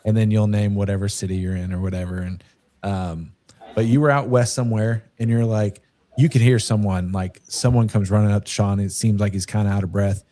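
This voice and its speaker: A man hosting a casual podcast, asking questions in a relaxed, hesitant way with many fillers. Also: fairly low pitch, brisk. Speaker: podcast host.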